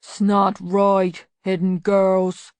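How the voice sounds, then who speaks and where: A woman reading an audiobook voices a huge, slow-witted man who talks slowly and loudly. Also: little pitch movement, clear, resonant tone, no echo. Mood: sulky. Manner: slow, loud, booming.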